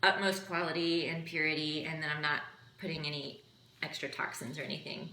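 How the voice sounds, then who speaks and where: A woman's voice: low-pitched, steady tone, brisk, sharp tone. Chatty woman teaching in an echoey room. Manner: chatty, filler-heavy, laughing asides. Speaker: essential oil class teacher. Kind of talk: casual impromptu class. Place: room with background noise.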